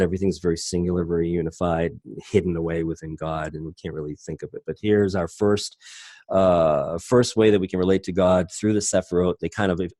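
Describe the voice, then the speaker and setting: A man's voice: low-pitched, warm tone, dry recording. A middle-aged man teaching an online class from home, in a loose, rambling way that often stops to correct himself. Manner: loose, rambling, self-interrupting. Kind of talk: casual online class lecture. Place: home, at a computer.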